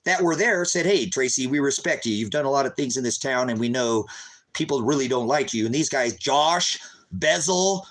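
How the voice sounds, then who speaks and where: A man pours out an agitated, impassioned monologue to his followers, calling them brothers and sisters. His voice sits mid-pitched and climbs loud and high when stirred. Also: animated, moderate pace, poor audio. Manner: grows loud and high when recounting the raid. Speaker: street preacher vlogger.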